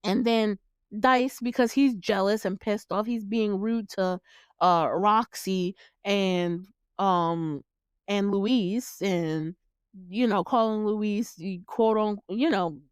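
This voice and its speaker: A woman's voice: mid-range voice, slow pace, clean tone, no echo, studio quality. Chatty swearing woman recapping a film. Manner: chatty, swears freely, laughs often, acts out reactions. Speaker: podcast host reviewing a film. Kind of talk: casual chat, movie recap.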